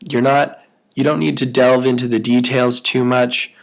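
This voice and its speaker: A man teaches new callers how to work a phone script. He speaks at a steady middle pitch and slips into an upbeat, persuasive salesman's patter when he acts out the call. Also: moderate pace, vocal fry. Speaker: sales trainer. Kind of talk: training walkthrough with role-played sales calls.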